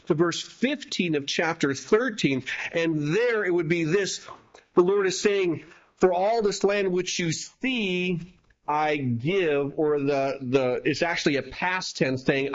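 Male preacher, fairly high voice, teaching tone with rhetorical questions; muffled lo-fi recording. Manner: teaching, reads scripture aloud and explains with rhetorical questions. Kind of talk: sermon. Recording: dull lo-fi recording.

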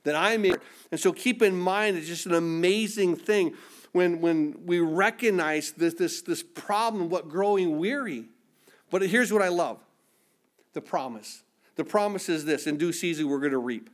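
A man's voice: high-pitched, normal speed. A man preaching a sermon, emphatic and repetitive, acting out the voices of scripture figures.

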